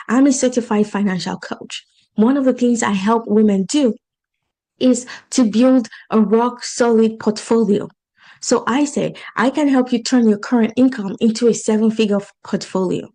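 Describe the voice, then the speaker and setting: A woman with an accent speaks in a slightly raised voice. She is a life and financial coach giving an earnest, encouraging pitch. She repeats her points for emphasis in a casual monologue. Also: a little mellow, poor audio. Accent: non-native English accent.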